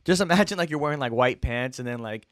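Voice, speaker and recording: A man's voice: medium pitch, animated, fast talker, fairly bright tone, dry recording, studio quality. A young man co-hosting a podcast, joking around and slipping into little put-on voices. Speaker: podcast co-host. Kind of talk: casual reaction chat.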